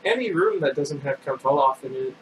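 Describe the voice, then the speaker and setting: A man reading a book aloud, voicing a bright, determined teenage girl inventor in a raised, earnest voice. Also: a little high, lively intonation, a little fast, natural voice. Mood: hopeful. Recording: distant mic with air conditioner hum.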